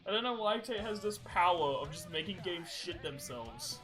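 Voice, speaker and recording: A man's voice: high-pitched, expressive, normal speed, a bit bright, faint music behind, low-quality recording. A man co-hosting a podcast, telling stories in a casual, rambling way with lots of swearing. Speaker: podcast co-host. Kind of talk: casual chat.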